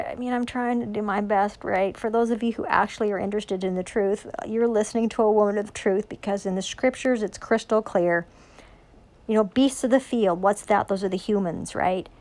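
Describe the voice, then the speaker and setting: A woman of ordinary pitch preaches at length about scripture in an intense, rambling monologue. She swears freely and drives her points home with rhetorical questions. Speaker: self-styled religious preacher.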